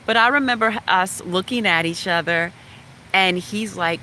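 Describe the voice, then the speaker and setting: Bright-voiced woman telling a story. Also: on the low side, a little fast, a little hiss or hum. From West Virginia, USA. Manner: frank, animated, chatty, laughs now and then. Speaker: vlogger telling a personal story. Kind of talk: candid personal storytelling.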